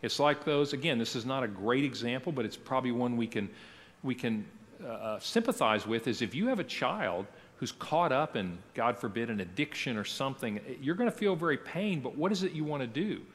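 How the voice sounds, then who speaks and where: A middle-aged man teaches a church class as its pastor, his voice rising and falling with lively animation. He talks conversationally and keeps checking in with questions to the group. His words carry a long reverb from the church hall around him. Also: medium pitch, brisk.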